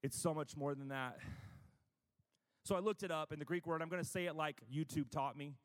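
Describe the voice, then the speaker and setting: A man's voice: fairly high pitch, a little fast, long reverb tail. A man preaching a conversational sermon, chatty and self-deprecating, with frequent asides.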